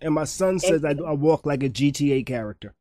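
A man's voice: a little high, animated, a little fast, dark tone, a little hiss or hum. Laid-back New York man chatting. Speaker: podcast co-host. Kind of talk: casual chat.

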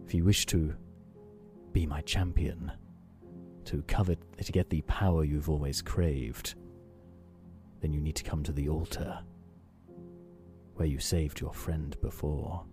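A man voicing a sinister male entity who speaks slowly and persuasively, offering a dark bargain. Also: rumbling low, steady tone, music in the background, pitched below the performer's own voice. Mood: menacing, persuasive.

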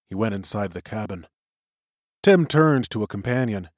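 A man narrating a chapter of a novel in an expressive storytelling voice. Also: on the low side, normal speed, dry recording, studio quality. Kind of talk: audiobook narration.

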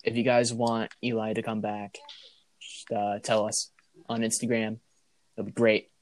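A man's voice: lowish voice, little pitch movement, a little slow, a little hiss or hum. A man hosting a casual podcast, talking in an easygoing way and steering the chat back on topic. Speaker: podcast host.

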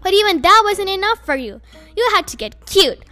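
A woman's voice: extremely high pitch, big pitch swings, normal speed, sharp tone, no echo, soft background music, voice pushed up, exaggerated voice. A woman reading an audiobook, voicing a teenage boy who rages and accuses his friend. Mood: furious. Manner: raging, accusing, sputtering.

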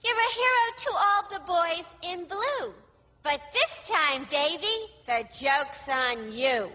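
A brash young cartoon villainess with a thick New York accent, teasing and sing-song. The voice sits very high and swoops widely, bright and slow. It rings in a long, hall-like reverb. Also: female voice, lively intonation, heavily acted. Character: giddy young female villain sidekick, brash and playful. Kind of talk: 1990s animated series voice acting.

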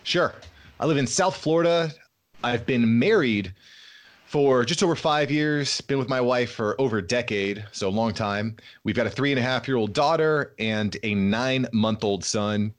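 A man in his thirties talking as a guest on a casual podcast interview, upbeat and energetic, laughing easily. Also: mid-range voice, moderate pace.

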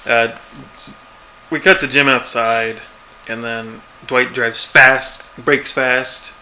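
A man's voice: mid-range voice, fairly even intonation, takes it slowly, pushed and bright, a little hiss or hum. A man chatting casually as a podcast co-host, laid-back and chuckling, acting out quoted lines. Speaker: podcast co-host recapping a TV episode. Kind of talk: casual chat.

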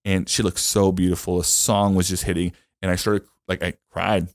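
Deep-voiced man telling a rambling story. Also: flat delivery, normal speed, dry recording, studio quality. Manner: rambling, emotional, many fillers and restarts. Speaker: podcast guest. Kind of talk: casual storytelling chat.

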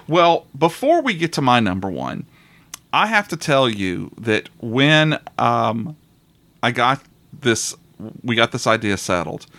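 A man's voice: medium pitch, big pitch swings, slow, a bit bright, dry recording. Rambling man chatting about movies. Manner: rambling, restarts often, laughs a lot. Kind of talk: casual chat about movies.

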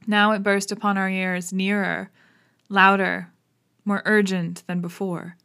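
A woman narrating a classic novel in a steady, suspenseful storytelling manner. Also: medium pitch, measured pace, vocal fry. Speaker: audiobook narrator. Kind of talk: dramatic audiobook narration.

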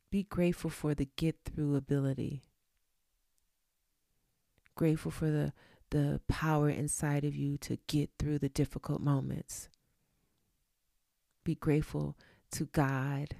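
Low gravelly woman giving affirmations. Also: fairly even intonation, slow pace, long pauses, warm tone, dry recording, studio quality. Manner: repetitive, affirming, with chatty asides. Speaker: vlogger. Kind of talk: motivational gratitude talk. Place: room at home.

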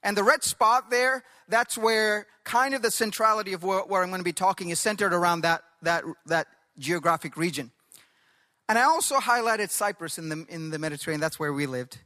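A man's voice: high voice, sharp tone, long reverb tail. A man pastor preaching a sermon, stretching out key words for emphasis and leading the congregation to read along with him. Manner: emphatic, drawn-out stresses, leads the congregation in call-and-response.

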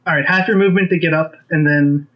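A man's voice: on the high side, fairly even intonation, fast, lo-fi sound. A man running a tabletop game as game master, making matter-of-fact rulings.

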